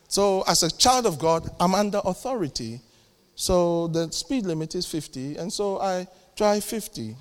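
High-voiced preacher, lively and reverberant. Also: male voice, measured pace. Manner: animated, jokey preaching with sudden loud bursts and acted-out dialogues. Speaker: pastor. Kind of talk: sermon. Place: church hall. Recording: echoey church hall with long reverb.

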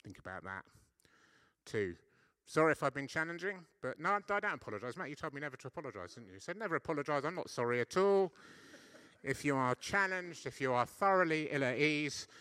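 A man's voice: fairly high pitch, big pitch swings, a little fast, bright, forceful tone, smooth, dry recording, clean studio sound. A man giving a conversational sermon as a preacher, often checking in with his listeners and poking fun at himself. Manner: conversational, self-deprecating, frequent "yeah?" checks. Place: church.

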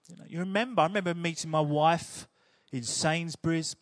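A man's voice: fairly high pitch, brisk, dry recording, clean studio sound. A man preaching a sermon in a chatty, humorous storytelling way.

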